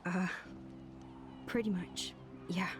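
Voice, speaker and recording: A shy teenage photographer. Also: female voice, lowish voice, fairly even intonation, takes it slowly, over music. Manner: soft-spoken and hesitant. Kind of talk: video game dialogue.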